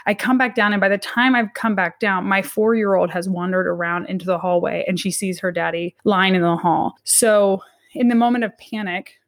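This is a woman in her thirties, an academic being interviewed, recounting something personal with earnest, stop-and-start phrasing and many restarts. She speaks in a mid-range voice with a steady tone.

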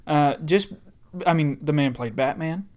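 A man's voice: a little high, unhurried, a little mellow. A man chatting casually on a podcast, enthusiastic and rambling with frequent restarts. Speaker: podcast co-host.

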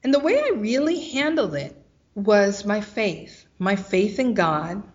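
A woman guest telling a personal story of hardship and faith, animated and acting out the voices of others. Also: mid-range voice, unhurried, dull audio. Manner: animated, acts out quoted voices.

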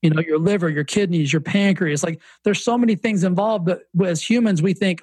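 A man's voice: high-pitched, brisk, hardly any pauses, breathy edge, no echo. A man with a Southern accent, a fitness coach and author, telling stories animatedly as a podcast guest. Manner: animated storyteller, many restarts. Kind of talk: casual podcast interview.

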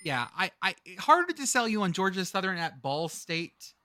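A man co-hosting a chatty sports podcast, his voice bright and lively with wide swings in pitch. He keeps trailing off to dig up names. The sound is dry and close. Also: normal speed, no echo. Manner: animated, swearing, searching for names mid-sentence. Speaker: podcast co-host. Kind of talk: casual chat.

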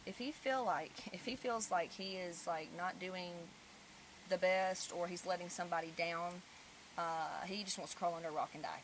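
A woman, a mother hosting a casual podcast chat and telling stories with lively swings in loudness. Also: fairly low pitch, moderate pace, slight background noise. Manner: animated storyteller, swings loud when telling stories.

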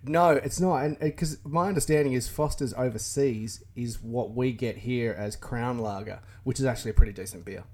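A man with an Australian accent, a guest on a remote call, chatting casually with laughs and halting restarts. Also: medium pitch, darkish tone, slightly rough. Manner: laughs often, self-deprecating, halting restarts. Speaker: guest, YouTube channel creator. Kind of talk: casual interview over a call.

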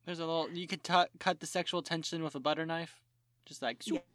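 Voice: mid-range voice, fairly even intonation, brisk, fairly bright tone. A podcast co-host in casual chat who reads out a synopsis with joking, sarcastic asides.

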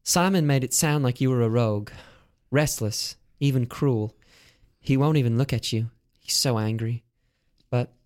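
A man's voice: medium pitch, darkish tone, lightly acted. A man reading as a yearning young heroine. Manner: breathless melodramatic romance reading. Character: earnest young woman, lonely horse lover.

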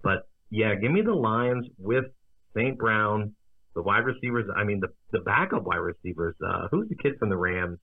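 A man co-hosting a casual sports betting podcast, talking in a relaxed, hesitant way. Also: on the low side, normal speed, slightly rough, no room sound. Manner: relaxed, hesitant, with fillers and restarts. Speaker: podcast co-host. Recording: tinny phone-like line.

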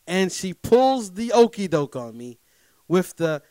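A man telling a personal story to his listeners in a casual, animated way. He is emphatic, keeps checking in with his audience, and swings between loud bursts and low asides. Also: a little slow, no echo.

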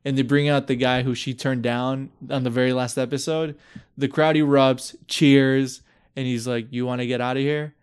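A man's voice: medium pitch, moderate pace, clean tone. Swearing young man retelling a story. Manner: animated storyteller, swears freely, acts out quotes. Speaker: podcast host. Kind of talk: casual chat.

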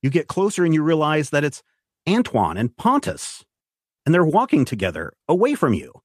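A man narrating as game master for a tabletop game, describing scenes and walking players through the rules. His voice sits at a middle pitch and sounds dry and close, with no room sound. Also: wildly swooping pitch, normal speed, husky, dry recording. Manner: descriptive narration with rules explanations, some restarts.

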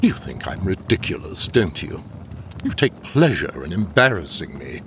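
An actor playing an old, loyal butler who is defensive and indignant in a radio drama. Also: male voice, low voice, big pitch swings, normal speed, fairly bright tone, a little hiss or hum, heavily acted. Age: older. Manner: prim, indignant, flustered.

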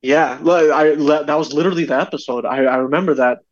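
A man, a podcast guest, chatting casually and telling stories with lively acted-out voices. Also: a little high, fast, highs cut off. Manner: animated storyteller, acts out voices. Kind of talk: casual chat.

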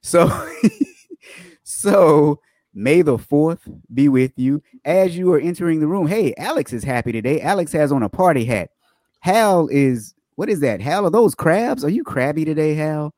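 A man's voice: fairly high pitch, expressive, moderate pace, a little mellow, dry recording, studio quality. A man hosting a livestream, chatting upbeat with viewers and greeting them by name before reading fraud news stories. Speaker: livestream host.

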